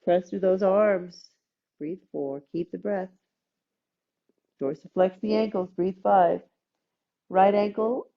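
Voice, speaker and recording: A woman teaching a gentle yoga class, calmly cueing breaths and movements with playful asides. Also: medium pitch, highs cut off. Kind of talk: guided yoga class instruction.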